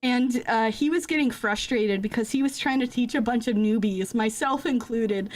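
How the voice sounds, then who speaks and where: Giggly high-voiced young woman streamer. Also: moderate pace, soft background music. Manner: giggly, rambling storyteller. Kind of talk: casual chat stream. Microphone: desk microphone.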